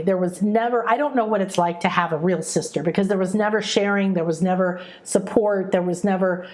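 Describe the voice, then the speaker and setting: Earnest middle-aged woman spiritual teacher. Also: mid-range voice. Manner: earnest, emotive, checks in with listeners. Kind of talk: heartfelt teaching monologue with personal stories.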